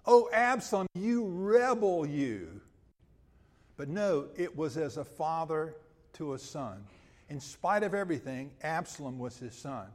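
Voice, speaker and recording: A man preaching a sermon and reading scripture, with emphatic, drawn-out phrases that swell loud and then drop to a hush. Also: fairly high pitch, lively intonation. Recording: long hall reverb.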